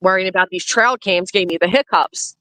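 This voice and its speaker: A woman's voice: lowish voice, brisk, bright, forceful tone, dry recording, rough recording. Blunt woman streamer, dry sound. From Pennsylvania. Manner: blunt, emphatic, repeats warnings. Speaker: commentary streamer. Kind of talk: casual live-stream commentary.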